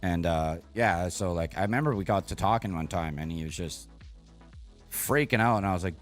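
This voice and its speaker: Streamer, male, very low voice, rambling, earnest, casual live chat over soft music. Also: moderate pace. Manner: rambling, earnest, swears often. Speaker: game streamer.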